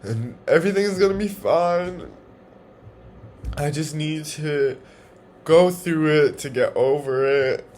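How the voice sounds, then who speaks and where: A young man vlogging from home, talking in a halting, emotional way and swearing often. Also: a little high, darkish tone, a little hiss or hum. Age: young adult. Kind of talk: confessional personal vlog.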